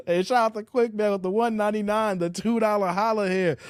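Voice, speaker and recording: Brief: male reaction host, high for a man, joking and loose, dry close mic. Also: fairly even intonation, brisk, clear, resonant tone, no room sound. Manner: loose, joking, laughs often. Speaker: commentary show host. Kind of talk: reaction commentary reading live chat.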